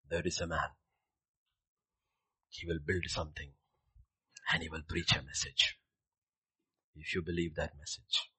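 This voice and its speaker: A man's voice: low voice, bright, forceful tone, breathy edge. A man preaching a sermon in a dramatic way, acting out scripture scenes as he goes.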